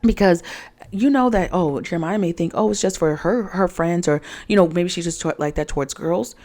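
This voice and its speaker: A woman's voice: lowish voice, moderate pace, warm tone. Chatty woman doing a sassy reality recap. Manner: chatty, sassy asides, many fillers. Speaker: reality show recap host. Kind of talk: casual show recap.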